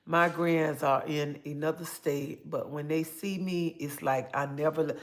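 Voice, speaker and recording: A woman's voice: low-pitched, fairly even intonation, unhurried. Brief: middle-aged woman, livestream host, emphatic and repetitive, calls everyone honey. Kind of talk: casual livestream chat answering viewers.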